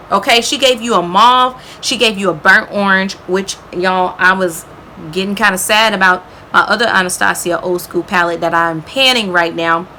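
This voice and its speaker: A woman's voice: medium pitch, pushed and bright, a little hiss or hum. A woman beauty vlogger chatting enthusiastically about her favorite products, calling viewers y'all and girl and tagging sentences with "okay?". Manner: frequent "okay?" tags.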